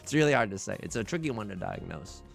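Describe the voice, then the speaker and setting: A man's voice: on the low side, animated, quick pace, vocal fry, faint music behind. A young man whose first language was Mandarin, rambling in self-deprecating, casual chat with viewers while he plays a game on a livestream. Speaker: livestreamer playing online mahjong.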